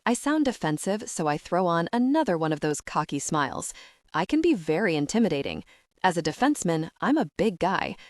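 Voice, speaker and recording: A woman reading a romance audiobook in the first person, lively and conversational. Her voice sits low for a woman. The recording is close and bone-dry, with no room sound. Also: a little fast, dry recording. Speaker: audiobook narrator.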